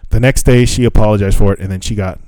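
A man's voice: fairly low pitch, fairly even intonation, fast, mellow, dry recording. A man co-hosting a podcast in loose, casual chat, swearing freely and laughing often. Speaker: podcast co-host.

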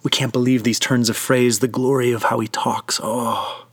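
Brief: male preacher, immersive devotional storyteller, mid pitch, dry close sound. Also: little pitch movement, normal speed, dry recording.

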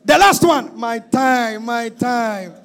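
High-pitched, shouting preacher. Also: male voice, slow, gravelly, a faint crowd. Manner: shouting and half-singing, then dropping to a low confiding tone. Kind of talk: sermon.

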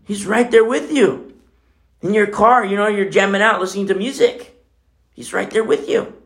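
A man's voice: sits high, fairly even intonation, moderate pace, a bit bright. A man preaching a casual, conversational sermon in church, telling a personal story with many fillers. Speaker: pastor.

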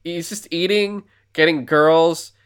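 A man's voice: on the high side, slow, clean tone. A man co-hosting a podcast, recapping a film in loose, rambling chat and acting out lines from it. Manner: rambling, animated movie recap with acted-out quotes and laughs. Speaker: podcast co-host. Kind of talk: casual chat.

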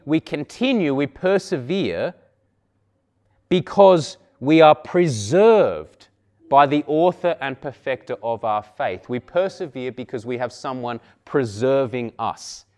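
A man preaching an earnest expository sermon, building emphasis on key points. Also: on the high side.

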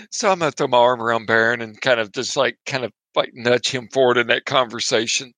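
Bright-voiced man playing a tabletop game. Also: medium pitch, fairly quick. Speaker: player. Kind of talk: casual tabletop game chat.

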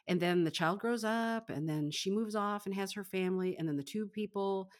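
A woman's voice: medium pitch, moderate pace. A woman co-hosting a casual book chat, effusive and rambling, laughing often. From Michigan, US. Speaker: podcast co-host.

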